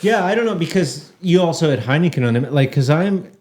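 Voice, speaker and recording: A man's voice: fairly high pitch, animated, brisk, a little mellow. Contrarian man, trailing off mid-thought. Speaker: podcast co-host. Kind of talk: casual chat.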